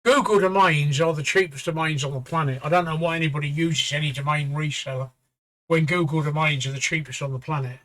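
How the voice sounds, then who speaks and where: A man's voice: fairly high pitch, fairly even intonation, fairly quick, a bit bright. A man hosting a live stream, talking in blunt, boastful, casual chat and swearing freely. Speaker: stream host.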